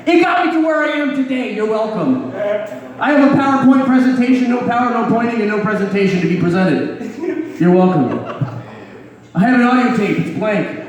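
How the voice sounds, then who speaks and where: A man performing a live stand-up set of crude one-liners, delivered deadpan with a dry "you're welcome" tag. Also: very high-pitched, unhurried, long pauses. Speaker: stand-up comedian. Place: comedy club stage before a laughing audience. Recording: echoey room, distant mic, crowd laughter.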